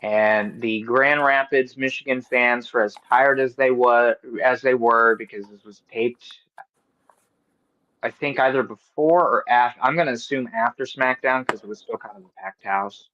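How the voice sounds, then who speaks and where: Casting: podcast co-host man, lively and profane, on a dull lo-fi mic. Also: medium pitch. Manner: animated, swears, does quick voices of the people he quotes. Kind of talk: casual wrestling recap chat. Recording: dull lo-fi recording.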